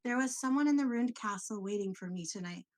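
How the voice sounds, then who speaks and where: A woman's voice: medium pitch, expressive, a little fast, natural voice. Woman voicing a nightmare-haunted young man, anxious, earnest, uneasy, tabletop game. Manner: earnest, uneasy reading of a dream journal. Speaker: player.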